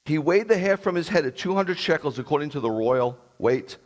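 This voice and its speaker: A man's voice: fairly high pitch, animated, brisk. A man who is a rabbi, preaching a sermon in a blunt, combative way with sarcastic asides.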